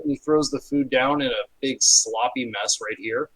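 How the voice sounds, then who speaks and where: A man narrating as game master of a tabletop game, relaxed and often pausing with fillers. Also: medium pitch, rough recording. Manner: relaxed, hesitant with fillers, slips into quick character voices.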